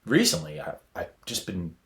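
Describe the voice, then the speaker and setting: Low-voiced man telling a rambling story. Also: huge pitch swings, a bit bright. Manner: rambling, halting storyteller with many restarts. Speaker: podcast co-host. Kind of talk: casual chat.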